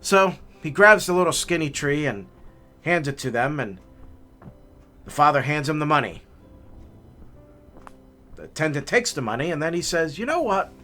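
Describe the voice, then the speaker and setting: A man's voice: a little high, normal speed, long pauses, faint music behind. A man telling a heartwarming story in a casual, folksy way as the host of a hiking video. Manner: folksy, repeats words, animated telling.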